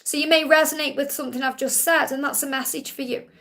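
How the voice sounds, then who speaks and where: With a steady tone and quick pace, her high, fairly bright voice carries a live Q&A in which she works as a psychic reader. She is reassuring and calming, often repeating what she says.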